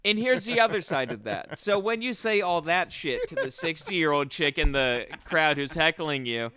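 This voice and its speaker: Bright, crisp-voiced man deadpanning. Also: fairly high pitch, moderate pace. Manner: deadpan storytelling, playful refusals. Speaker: podcast co-host. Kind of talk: crude comedic banter.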